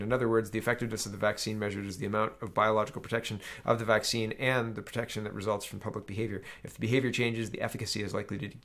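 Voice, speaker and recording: A Canadian man hosts a casual political commentary show, his voice gravelly with a rough edge. He reads headlines aloud, then picks them apart in a sarcastic, rambling way. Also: fairly low pitch, fairly bright tone.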